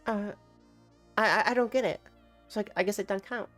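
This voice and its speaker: A young woman talking over clips in a loose, joking way, with a voice of ordinary pitch. She teases and mocks what she watches and laughs often. Faint music plays behind her. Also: a little fast, fairly bright tone. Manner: teasing, sarcastic, laughs often. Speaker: commentator reacting to clips. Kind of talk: casual reaction commentary.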